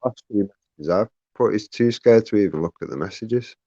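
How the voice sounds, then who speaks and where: A man's voice: fairly low pitch, fairly quick, mellow, no room sound, highs cut off. A man co-hosting a live stream, blunt and mocking. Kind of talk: heated live stream confrontation.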